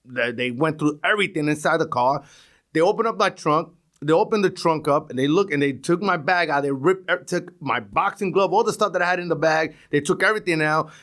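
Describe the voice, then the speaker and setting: Middle-aged new york guy telling stories, kinda high voice, acts out the voices. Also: fairly quick. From East New York, Brooklyn. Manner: animated, acts out voices in his stories, swears. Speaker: podcast guest. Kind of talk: casual storytelling.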